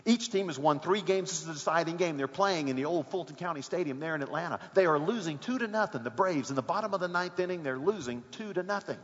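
A man with a high voice preaches a sermon and tells a story with rising energy, breaking into excited shouts. His voice rings with a long reverb in a large hall, and the recording sounds muffled. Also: fast, hardly any pauses.

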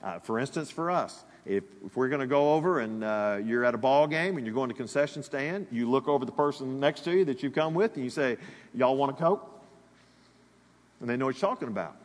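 A man's voice: mid-range voice, fast talker, hardly any pauses. A man from Alabama, preaching a sermon in a chatty style and speaking to his congregation directly. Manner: animated, conversational preaching with asides to the congregation. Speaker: pastor. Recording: long reverb of a large hall.

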